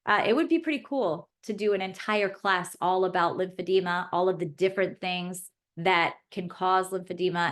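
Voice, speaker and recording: A woman pharmacist hosting a live webinar class, chatty and effusive as she reads the chat and answers questions aloud. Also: medium pitch.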